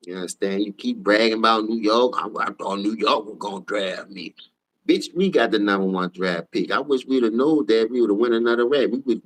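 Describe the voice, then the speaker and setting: A man hosting a live sports talk stream, ranting in a profane, animated way and swinging from low mutters to high shouts. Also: low-quality recording. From New Orleans. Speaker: sports talk show host. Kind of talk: heated casual live-stream rant.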